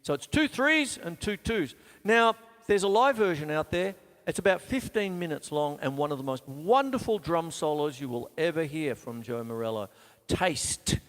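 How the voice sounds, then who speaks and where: A man's voice: fairly high pitch, animated, normal speed, hardly any pauses, fairly bright tone, long reverb tail. Chatty man counting drum beats. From Australia. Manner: chatty, counts beats aloud, self-mocking asides. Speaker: drum teacher and show host. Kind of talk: live-streamed drum lesson. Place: home studio with drum kit.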